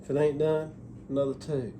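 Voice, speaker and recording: Middle-aged home-cook host, warm dark tone, loose folksy instructions, repeats himself. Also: male voice, a little high, flat delivery, fairly quick, slight background noise. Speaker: cooking show host. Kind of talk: casual cooking instruction.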